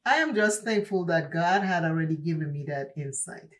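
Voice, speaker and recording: A woman's voice: fairly low pitch, expressive, normal speed. A woman with an accent, talking while doing her makeup in a chatty get-ready-with-me vlog, emphatic and preachy, repeating herself for stress. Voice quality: speaks with an accent. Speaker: beauty vlogger.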